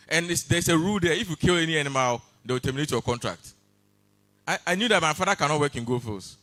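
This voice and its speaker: A man doing stand-up, chatty storytelling broken by sudden loud exclamations. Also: fairly high pitch, animated, fast talker. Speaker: stand-up comedian. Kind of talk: stand-up comedy set. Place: comedy awards stage before a live audience.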